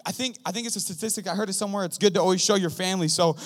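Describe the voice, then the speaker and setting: A young man giving his first sermon in a church, excited, rambling and joking with the congregation. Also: high-pitched, rapid-fire. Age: young adult. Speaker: guest preacher. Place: church sanctuary. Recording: long hall reverb.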